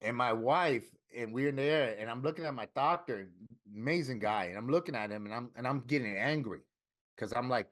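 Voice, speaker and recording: A middle-aged man from Florida, a tattoo artist interviewed about his life, telling his story candidly with plenty of swearing and lively quoted dialogue. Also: lowish voice, fairly quick. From Florida, USA.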